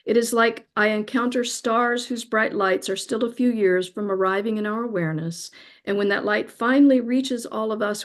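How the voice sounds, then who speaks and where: Soft-spoken woman reading reverently. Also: medium pitch. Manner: slow, soft and reverent, emotional to the point of tears. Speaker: guest speaker. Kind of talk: reading a spiritual memoir aloud.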